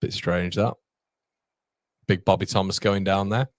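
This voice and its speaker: A man's voice: deep voice, fairly even intonation, unhurried, no echo, clean studio sound. A young man hosting a live football watchalong, commenting on the match and reading viewer comments aloud with frequent laughs. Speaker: watchalong host.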